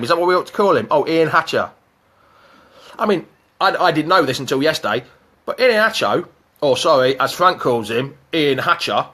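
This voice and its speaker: A man with a fairly high voice hosts a live fan stream. He chats in an excitable, jokey way and answers viewers' comments as they come in. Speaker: fan channel host.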